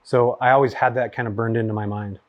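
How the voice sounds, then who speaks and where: A man in his forties from California tells stories in a relaxed, chatty way, piling up fillers as he goes. He talks very fast at a mid pitch. The sound is dry and close. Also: no room sound, highs cut off. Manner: rapid, animated storyteller with many fillers. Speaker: guest, real estate investor. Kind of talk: casual storytelling chat. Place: his home.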